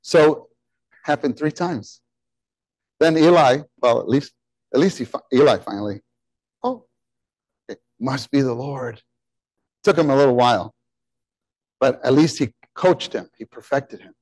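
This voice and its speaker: Man, sermon, conversational and animated, near-shouts and soft asides, mid-pitched voice, dry close sound. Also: normal speed, long pauses, dry recording, rough recording. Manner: animated, rising to near-shouts on key words; drops into soft, quiet asides when quoting God. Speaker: preacher.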